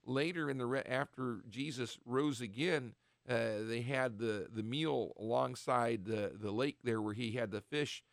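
A man hosting a Christian radio talk, teaching the Bible in an earnest, halting way with many restarts. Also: medium pitch, gravelly, no room sound, studio quality. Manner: acts out short quoted voices of the devil and apostles.

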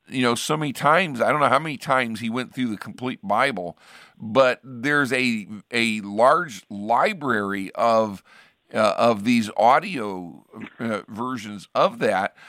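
A man's voice: medium pitch, a bit bright, no room sound, clean studio sound. A man hosting a radio program as a pastor, chatting casually and rambling with frequent restarts. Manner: rambling, restarts sentences often. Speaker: radio show host, pastor.

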